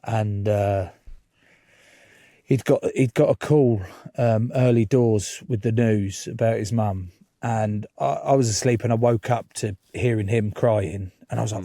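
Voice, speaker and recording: A man's voice: fairly low pitch, fairly even intonation, measured pace, dark tone, dry recording, clean studio sound. A man, a podcast guest telling stories in casual chat, swearing freely and laughing as he goes.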